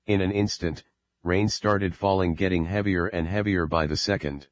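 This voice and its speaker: A man reading an audiobook as narrator, in a steady, measured way. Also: deep voice, muffled recording. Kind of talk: scripted narration.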